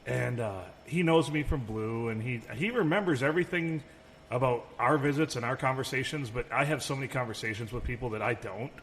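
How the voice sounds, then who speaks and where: A man's voice: mid-range voice, brisk, fairly bright tone. A man co-hosting a podcast in casual chat, telling rambling stories and swearing freely. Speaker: podcast co-host. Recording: long reverb, faint room noise.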